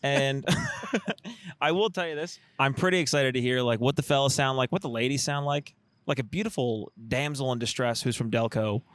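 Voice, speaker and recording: A man's voice: mid-range voice, moderate pace, fairly bright tone, no room sound. A young man from New Jersey with a South Jersey accent, co-hosting a casual podcast outdoors, joking, laughing a lot and slipping into goofy impressions. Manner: jokey, laughs often, does goofy impressions. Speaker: podcast co-host. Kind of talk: casual chat. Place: outdoors outside a bar.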